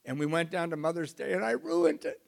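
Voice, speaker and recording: Brief: middle-aged man, gravelly voice, confessional recovery testimony with self-mocking humor. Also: on the high side, sing-song, fairly quick, a little mellow. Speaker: recovery speaker. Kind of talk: personal testimony talk.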